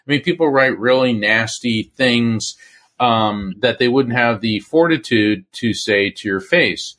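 A man's voice: medium pitch, unhurried. A middle-aged man, a medium and former attorney, telling stories as an interview guest and acting out the voices of the people he quotes. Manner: animated storyteller who acts out quoted voices. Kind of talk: conversational interview storytelling.

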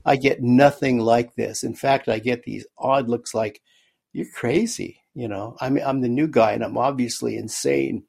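A man, a guest author in an interview, recounting a personal story in a halting way, often repeating words as he goes. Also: medium pitch, steady tone, creaky, a little mellow, husky.

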